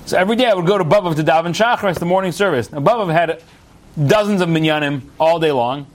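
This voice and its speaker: A young American man giving a storytelling Torah talk, chatty and animated, with restarts and asides. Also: a little high, fast. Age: young adult. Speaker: rabbi.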